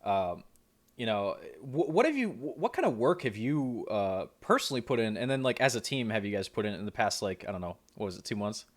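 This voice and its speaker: American man, esports caster, lively swooping pitch, rambling joking questions. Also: brisk. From United States. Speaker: esports caster interviewing a player. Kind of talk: casual esports interview.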